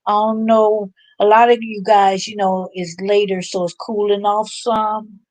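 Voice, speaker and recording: A woman's voice: mid-range voice, flat delivery, darkish tone, dry recording. Laid-back woman hosting a live chat. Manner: chatty, laughs often, loose and unhurried. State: a little drained. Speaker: livestream host. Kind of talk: casual live chat with viewers.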